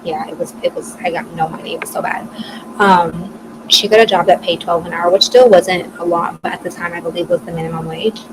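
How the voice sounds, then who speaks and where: Talking a little fast in a low, steady voice, this twenties podcast co-host shares a personal story casually, sprinkling in plenty of "like" and swearing freely. Background hiss is noisy throughout.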